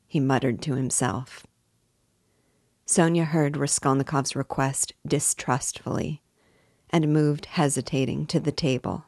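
Slow, low-voiced woman reading a novel aloud. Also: steady tone, a little mellow, dry recording, clean studio sound. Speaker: book club host reading aloud.

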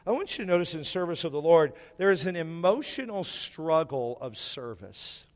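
Brief: male pastor, slightly high voice, preaches with repetition and questions to the room, reverberant church hall. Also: animated, normal speed. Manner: repeats key phrases, asks the congregation questions. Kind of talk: sermon. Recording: echoey hall.

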